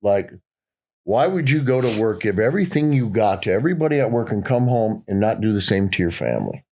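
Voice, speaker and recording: A man's voice: lowish voice, big pitch swings, brisk, darkish tone. A man co-hosting a podcast, chatting casually and telling a story of his own. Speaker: podcast co-host.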